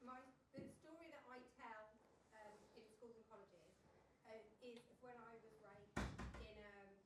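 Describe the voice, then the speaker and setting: Brief: woman, audience speaker, calm and pausing, far off in a reverberant room. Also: fairly high pitch. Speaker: audience member. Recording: very echoey, distant, faint noise.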